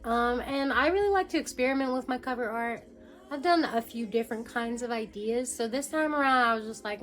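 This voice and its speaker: A young woman musician talking casually to camera about making her album, full of fillers and quick asides. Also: fairly high pitch, fairly bright tone, soft background music. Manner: chatty, filler-heavy, jumps into quoted voices.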